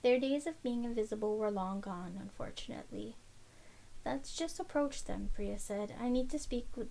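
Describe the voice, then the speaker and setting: A woman narrating a fantasy novel chapter aloud in a steady storytelling read, with occasional slips. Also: a little high, slight background noise, rough recording. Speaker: audiobook reader. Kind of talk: scripted narration.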